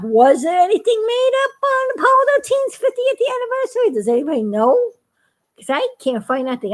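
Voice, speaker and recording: A woman's voice: a little high, darkish tone. A woman chatting casually to her viewers, telling a story and laughing often. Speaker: YouTube cartoon maker.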